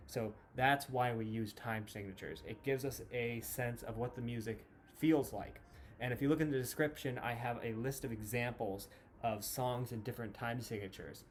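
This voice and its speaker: A man explaining time signatures as a music teacher, patient and clear, counting beats aloud. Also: medium pitch, a little hiss or hum. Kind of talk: classroom lesson explanation.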